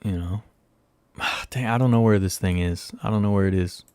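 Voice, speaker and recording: A man's voice: on the low side, normal speed, a little mellow, clean tone, dry recording. A man hosting a casual livestream, rambling and joking at himself as he chats with viewers. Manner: rambling, self-mocking, talks to viewers while searching. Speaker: livestream host.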